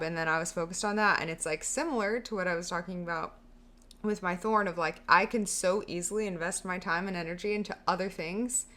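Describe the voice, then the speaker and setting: A woman's voice: lowish voice, sharp tone. A woman in her thirties co-hosting a podcast, talking in a chatty, emotional way with lots of "like". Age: 30s. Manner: chatty, emotional, heavy use of "like". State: sweating. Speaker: podcast co-host. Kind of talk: casual chat.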